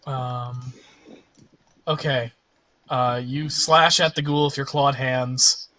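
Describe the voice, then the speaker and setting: A man narrating as game master of a tabletop game, relaxed and halting, with fillers. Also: medium pitch.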